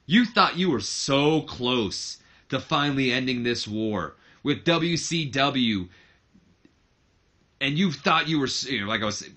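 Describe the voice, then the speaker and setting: Brash young heir cutting a taunting promo, put on by a male gamer; bright, raised voice. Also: medium pitch, lively intonation, a little slow. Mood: smug taunting. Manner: smug, taunting wrestling promo delivery. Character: brash young man, heir to a wrestling company, taunting his father.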